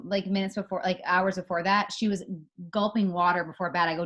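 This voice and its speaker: A woman's voice: medium pitch, steady tone, brisk, hardly any pauses, a bit bright, muffled recording. Chatty woman on a video call. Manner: chatty, many filler words. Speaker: co-host of an online moms' meet-up. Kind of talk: casual chat, storytelling.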